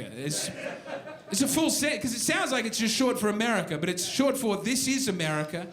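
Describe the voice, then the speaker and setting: A man with an Australian accent doing a stand-up set, dry and mocking, with shouted impressions. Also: very high voice. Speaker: stand-up comedian. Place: comedy club stage. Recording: roomy club recording with loud crowd. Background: audience laughter.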